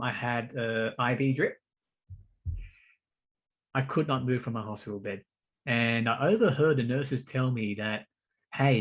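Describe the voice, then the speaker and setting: A podcast host with a medium-pitched voice tells a personal story in casual conversation, stammering, repeating words, and calling his listener "bro" and "mate".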